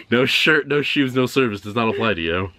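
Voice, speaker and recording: A young man in casual podcast chat, joking around in a deadpan way. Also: medium pitch, moderate pace, slight background noise. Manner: deadpan, joking, puts on silly voices. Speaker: podcast co-host.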